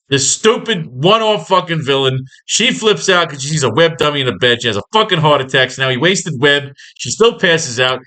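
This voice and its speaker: A man's voice: on the high side, expressive, a little fast, hardly any pauses, sharp tone. A man teaching a comic-writing class, recapping an old story in a rambling, sarcastic and profane way.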